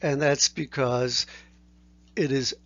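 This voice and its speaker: A man teaching a language lesson, explaining sounds slowly and carefully and sounding out each letter. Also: mid-range voice, steady tone, a bit bright, dry recording, muffled recording. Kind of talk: recorded lecture.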